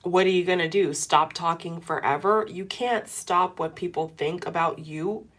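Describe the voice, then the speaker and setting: A woman's voice: on the low side, fairly even intonation, normal speed. A woman giving a tarot reading to camera, talking in an earnest, repetitive, coaching way. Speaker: tarot reader.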